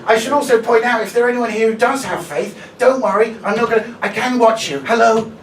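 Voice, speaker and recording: A man's voice: extremely high pitch, a little fast. A male comedian doing live stand-up, chatty and sweary, bantering with the audience. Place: small live comedy venue. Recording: echoey room, distant mic, loud ambient noise.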